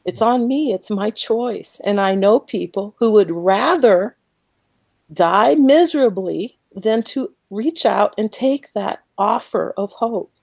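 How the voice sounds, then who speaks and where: A woman speaking slowly and earnestly about her faith as a guest, emotional and close to tears, repeating words as she goes. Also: medium pitch, vocal fry, a little mellow, no echo. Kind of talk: emotional faith talk on a podcast.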